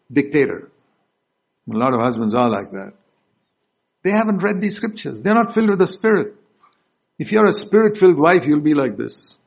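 A man preaching a sermon, emphatic and direct, questioning his congregation, with loud stresses and soft asides. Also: on the high side. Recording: dull lo-fi recording.

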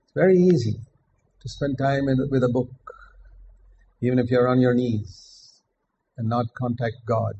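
An older man preaching a sermon in an earnest, measured way, repeating his key phrases for emphasis. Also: medium pitch, fairly even intonation, creaky, mellow, muffled recording, a little hiss or hum.

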